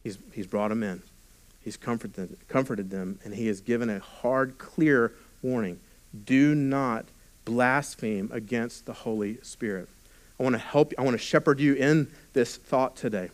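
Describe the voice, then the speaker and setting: A pastor preaching a sermon, reading scripture and explaining it, often dropping to a quiet, intimate tone and then rising with force. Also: male voice, medium pitch, unhurried. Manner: preaching with sudden drops to a hushed voice and swells in volume.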